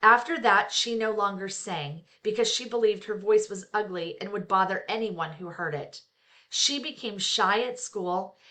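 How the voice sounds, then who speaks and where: A woman's voice: medium pitch, sharp tone. Chatty woman reading aloud with asides. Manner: reads aloud then breaks off into frank, chatty asides with fillers. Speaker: therapist reading and discussing a book. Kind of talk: casual book reading with commentary.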